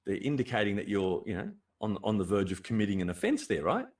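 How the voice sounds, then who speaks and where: Australian man, livestream host, blunt and animated, very expressive pitch, slightly distant mic. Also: fast talker. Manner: animated and blunt, swears freely, laughs often. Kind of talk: casual livestream chat.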